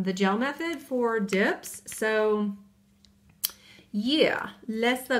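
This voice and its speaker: A woman chatting casually and excitedly while unboxing and swatching nail powders. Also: mid-range voice. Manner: bubbly, chatty, exclaims over colors. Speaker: nail hobbyist vlogger.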